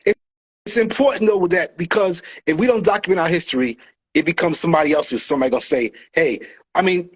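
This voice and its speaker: A man, a guest in a casual conversation, telling lively stories and acting out the people he quotes. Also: fairly high pitch, fast, slightly rough, low-quality recording. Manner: animated storyteller, acts out quoted voices. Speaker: guest, early hip hop dancer.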